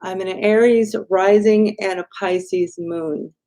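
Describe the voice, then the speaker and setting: A woman hosts a live card-reading stream in a voice of middle pitch. She speaks straight to her viewers, animated and chatty, and often ends a thought with "right?". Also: slow. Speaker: intuitive card reader hosting a live stream.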